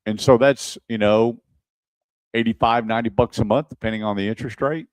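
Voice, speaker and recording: A man's voice: fairly low pitch, steady tone, brisk, no room sound, low-quality recording. A man hosting a radio talk show, telling customer stories and acting out both sides of each conversation. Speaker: radio show host and car advisor. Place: radio studio.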